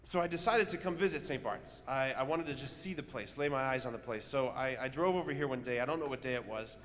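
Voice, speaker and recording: Chatty priest in a reverberant church. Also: male voice, medium pitch, quick pace, fairly bright tone, slight background noise. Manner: conversational storytelling with many fillers. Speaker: parish priest. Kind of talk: homily. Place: large church. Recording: church reverb with faint ambience.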